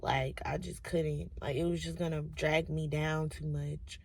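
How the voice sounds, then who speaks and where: A woman's voice: low voice, fairly even intonation, unhurried, vocal fry. A young woman, chatting in a casual, confiding way as she reads through her old journals. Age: 20s. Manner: emotional, confiding, many "like"s. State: tearful at times. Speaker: vlogger. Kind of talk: casual personal vlog, reading old journals.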